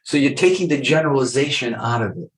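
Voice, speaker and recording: A man's voice: medium pitch, lively intonation, quick pace, reverberant, poor audio. An older man, a clinical psychologist, talking earnestly in a podcast interview and acting out short exchanges with patients. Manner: earnest, acts out dialogue from patients.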